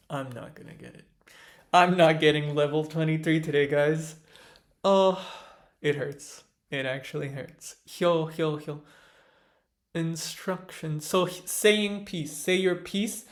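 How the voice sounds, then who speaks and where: A man studying at his computer, muttering words to himself in a casual commentary, mostly soft with sudden excited bursts. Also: fairly high pitch, slow, gravelly, long pauses. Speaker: language learner vlogger. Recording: loud keyboard typing behind.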